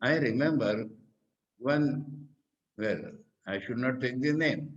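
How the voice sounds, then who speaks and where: Indian monk giving a slow, questioning discourse. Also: male voice, mid-range voice, lo-fi sound. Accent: Indian English. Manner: slow, explanatory, asks questions and then answers them. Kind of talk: spiritual discourse.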